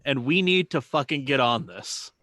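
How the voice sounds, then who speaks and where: A man's voice: mid-range voice, expressive, moderate pace, sharp tone, no room sound. A man co-hosting a car podcast in casual chat, laid-back and profane, often trailing off and restarting. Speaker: podcast co-host. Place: home basement.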